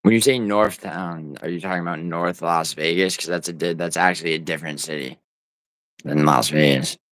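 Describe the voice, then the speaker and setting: A man's voice: deep voice, normal speed, fairly bright tone, no echo. A man livestreaming from home, rambling and teasing his viewers in profane, casual banter as he reads the chat. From United States.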